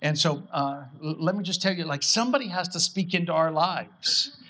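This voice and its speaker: A middle-aged man preaching from the pulpit, his voice pitched high with a bright, sharp edge. He talks to the congregation in a loose, conversational way and acts out his own thoughts as he goes. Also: moderate pace. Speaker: pastor. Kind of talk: sermon.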